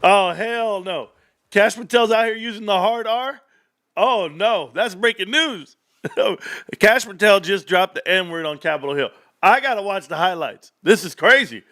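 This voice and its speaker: High, bright-voiced ranting stream host. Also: male voice, measured pace. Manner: animated, rambling, laughs often. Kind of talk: casual livestream rant.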